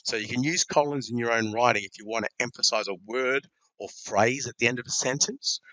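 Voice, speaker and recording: A man's voice: mid-range voice, fairly bright tone, no room sound, highs cut off. A man teaching a grammar lesson, explaining punctuation with many ums and repeated words.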